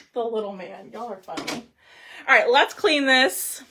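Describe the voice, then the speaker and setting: A chatty middle-aged woman hosts a craft livestream. She reads viewer comments aloud and greets them as she works. Her voice sits a little high. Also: animated, slow, bright, forceful tone, slight background noise. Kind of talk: casual craft livestream chat.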